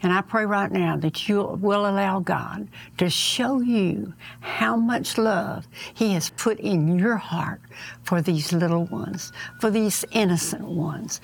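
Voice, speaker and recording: A woman co-hosting a ministry broadcast, gently praying and appealing for support. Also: mid-range voice, vocal fry. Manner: gentle, prayerful. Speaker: ministry co-host. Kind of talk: prayerful donation appeal.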